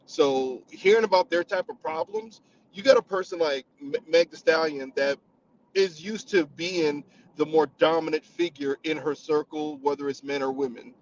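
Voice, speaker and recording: A man calling in to a podcast, talking in a measured, reflective way with many fillers. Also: a little high, highs cut off, a little hiss or hum. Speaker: caller. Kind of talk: call-in commentary.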